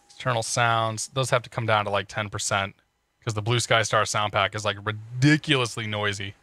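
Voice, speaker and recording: A flight sim streamer casually works through cockpit checklists live, cracking jokes and greeting chat viewers. His voice is on the low side, steady and sharp, at a moderate pace in a dry recording.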